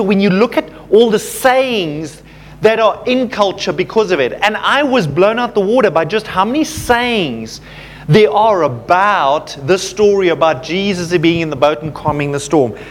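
High-voiced man preaching conversationally. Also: lively intonation, moderate pace. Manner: conversational, self-deprecating storytelling with fillers. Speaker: pastor. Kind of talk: sermon.

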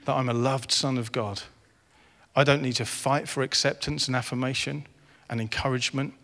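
A man's voice: mid-range voice, fairly even intonation, normal speed, sharp tone. Earnest preacher man in an echoing hall. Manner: earnest, builds to impassioned. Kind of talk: sermon. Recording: reverberant hall.

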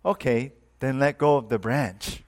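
A man voicing a calm, measured voice from heaven speaking in short pronouncements. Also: medium pitch, lightly acted.

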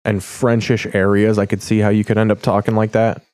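A man's voice: lowish voice, little pitch movement, brisk, darkish tone. A man hosting a podcast, chatting loosely and jokingly while flipping through channels, rambling and swearing. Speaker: podcast host. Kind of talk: casual chat while channel surfing.

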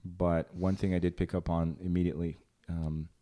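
A man with a very low voice hosts a casual podcast chat. He rambles loosely, cracks jokes and restarts his sentences often. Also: flat delivery, moderate pace, dark tone. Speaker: podcast host.

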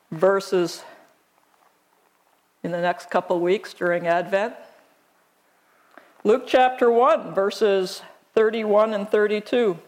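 Sex: woman. Role: pastor. Style: slow, conversational sermon with scripture reading and rhetorical questions. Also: medium pitch, a little mellow.

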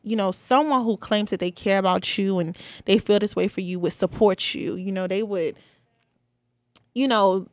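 A woman's voice: mid-range voice, steady tone, measured pace, no room sound. Chatty young woman, dry close sound. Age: 20s. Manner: chatty, candid, many "you know" and "like" fillers. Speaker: podcast host. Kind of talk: casual solo podcast talk.

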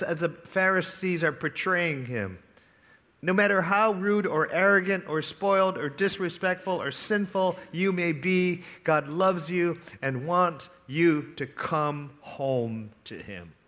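A man preaching a sermon, telling a parable with dramatic swings between hushed, quiet lines and loud, eager ones. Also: a little high, expressive, unhurried. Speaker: pastor.

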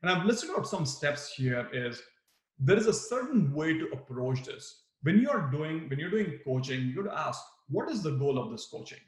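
A man's voice: on the high side, big pitch swings, normal speed, roomy sound. A man teaching a workshop for new managers, acting out example replies with big swings in his voice. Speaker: management trainer. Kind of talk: live workshop talk on management.

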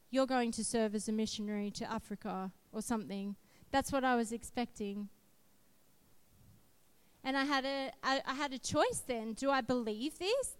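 Earnest woman preaching slowly. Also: a little high, clear, resonant tone. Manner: earnest, emphatic storytelling. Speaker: preacher sharing testimony. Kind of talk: sermon with personal testimony.

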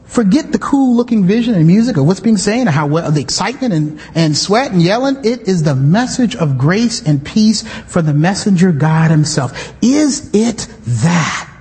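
High-voiced animated preacher in a hall. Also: male voice, moderate pace, few pauses, husky. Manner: animated, conversational preaching with asides and shouts. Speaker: pastor. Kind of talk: sermon. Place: church sanctuary.

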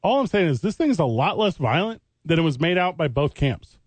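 A man's voice: on the high side, sing-song, a little fast, dry recording. A man co-hosting sports talk radio, arguing his point and choosing his words with care. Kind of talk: heated sports talk debate.

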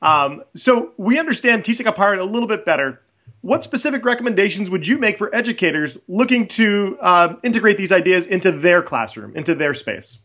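A male podcast co-host talks fast and upbeat as he asks questions. His voice is high for a man. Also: expressive, bright, forceful tone. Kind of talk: casual podcast interview.

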